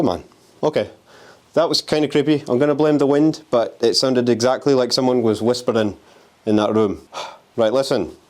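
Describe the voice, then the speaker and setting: Here is a slightly mellow, mid-range male voice belonging to a young ghost hunter and urban explorer. Camera in hand, he wanders a deserted house while the wind blows outside, chattering restlessly, cursing, and mocking whatever spirits might be there.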